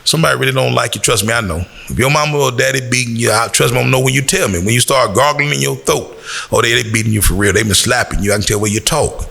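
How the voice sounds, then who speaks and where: A gravelly man from Chicago giving a blunt lecture to the youth. His voice is bright and a little tense, and it rises when he hammers a point home. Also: medium pitch, fast. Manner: blunt, lecturing, rising on emphasis. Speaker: community speaker. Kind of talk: preaching to young people.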